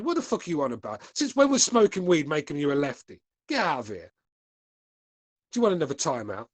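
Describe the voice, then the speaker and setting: A man's voice: on the high side, huge pitch swings, a little fast, no echo. Crude joking man on a podcast. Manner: crude, joking, mocking banter; laid-back and drawling. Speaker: podcast host reading live chat. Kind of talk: casual live-stream chat.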